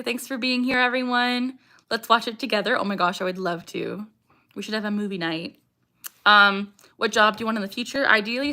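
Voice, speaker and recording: A woman's voice: fairly high pitch, pushed and bright. Bubbly young woman hosting a livestream. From Canada. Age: young adult. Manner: bubbly, chatty, interrupted by vocal tics. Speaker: livestream host. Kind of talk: casual livestream chat, reading comments.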